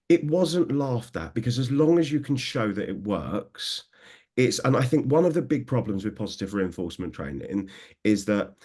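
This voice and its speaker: A man's voice: on the low side, a little mellow. A man in his thirties, a dog trainer, talking enthusiastically in a conversational interview and acting out what others said. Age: 30s. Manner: enthusiastic, acts out quoted remarks.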